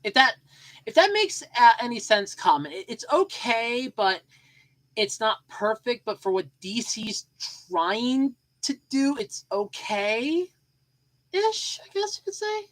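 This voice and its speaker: A woman's voice: a little high, expressive, slow, low-quality recording. A woman hosting a solo podcast in a casual, rambling way, full of fillers and repeated phrases, and sleepy. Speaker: podcast host.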